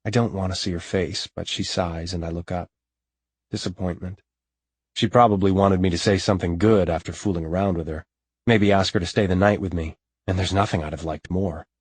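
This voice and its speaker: A man's voice: deep voice, fairly even intonation, fairly quick, husky, dry recording. A man narrating a first-person romance audiobook in a brooding, intense way. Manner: brooding, intense, swings into anger.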